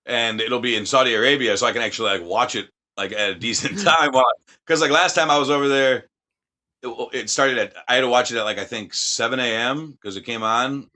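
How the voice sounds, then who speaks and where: A man's voice: mid-range voice, a little fast, sharp tone. A man, a wrestler, chatting casually with a lot of swearing, rambling and acting out quotes. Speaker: professional wrestler guest. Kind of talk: casual profane chat.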